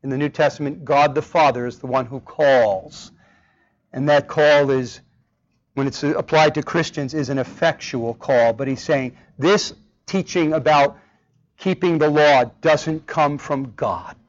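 A man's voice: fairly high pitch, measured pace. A man preaching a sermon with emphasis, often asking the congregation rhetorical questions. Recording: dull lo-fi recording.

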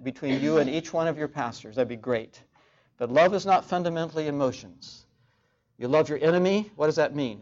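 A man preaching a sermon in a measured way, repeating key phrases for emphasis, on a dull lo-fi recording. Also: fairly high pitch, darkish tone.

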